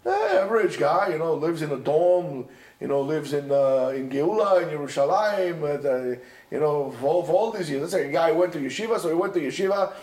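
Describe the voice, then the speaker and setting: A high-voiced yeshiva teacher speaks at a moderate pace in an animated, casual lecture, filled with "you know," "right?" and Hebrew and Yiddish terms. The lecture room around him is echoey.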